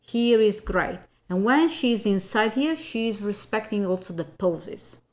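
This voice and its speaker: Woman voice coach, unhurried, emphatic teaching delivery, keeps checking in with listeners. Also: mid-range voice, lively intonation. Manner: emphatic, often tags "okay?" and repeats key points. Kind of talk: spoken voice lesson.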